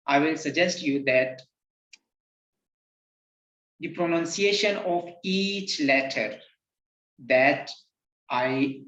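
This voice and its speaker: Male Quran tutor, slow, patient drill style; lo-fi echoey recording. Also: fairly high pitch, fairly bright tone. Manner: patient, repeats letter names for the learner to echo. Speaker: Quran reading teacher. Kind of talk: slow recorded lesson with call-and-repeat drills. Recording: roomy, dull lo-fi sound.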